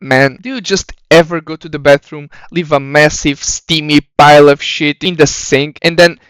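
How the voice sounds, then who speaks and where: A young man giving sarcastic, mocking comedic commentary, with a voice he calls not very deep. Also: steady tone, moderate pace, a bit bright, clear, resonant tone, no echo. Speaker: YouTube commentator.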